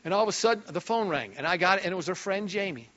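A male pastor preaching a sermon with lots of energy, dropping low and quiet, then breaking into sudden shouts. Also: lively intonation, very fast, highs cut off.

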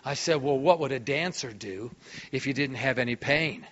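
A middle-aged man preaching in a church, telling healing stories with lively enthusiasm. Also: medium pitch, moderate pace, lo-fi sound. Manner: animated, enthusiastic storyteller. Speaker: guest preacher. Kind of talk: sermon storytelling. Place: church hall.

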